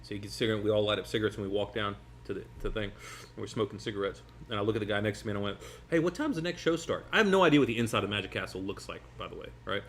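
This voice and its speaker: Fast-talking man in his forties, low voice. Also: a little hiss or hum. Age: 40s. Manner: animated, rambling, laughs between phrases. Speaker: magician guest. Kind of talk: casual storytelling over a meal.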